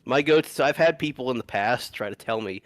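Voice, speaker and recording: A man's voice: mid-range voice, fast talker, no echo. A man casually commenting while playing a video game, rambling, swearing freely and laughing often.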